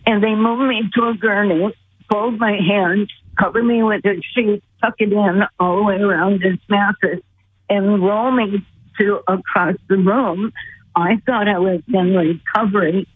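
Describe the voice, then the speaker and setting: A woman's voice: mid-range voice, steady tone, unhurried, breathy edge. A woman caller earnestly and vividly recounting a personal story. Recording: tinny phone line with faint hiss.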